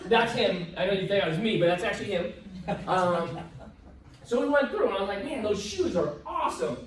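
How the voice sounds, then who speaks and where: A man speaking at a live seminar, telling an animated story and acting out both sides of the dialogue. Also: high voice, normal speed, pauses often, a little hiss or hum. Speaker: motivational speaker. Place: event hall with live audience. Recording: echoey hall, voice from far off.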